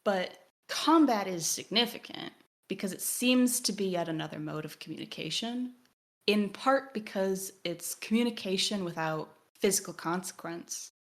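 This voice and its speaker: A woman's voice: medium pitch, animated, moderate pace. A woman co-hosting a podcast in casual discussion, analytical with wry joking asides. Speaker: podcast co-host.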